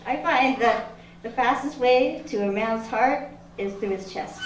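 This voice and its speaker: A woman on a comedy club stage delivers deadpan one-liners in a high, unhurried voice. She is picked up from a distance in a roomy space. Audience laughter comes through clearly. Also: heavy background noise. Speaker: stand-up comedian. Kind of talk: stand-up comedy set. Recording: roomy live room from far mic, audience laughter.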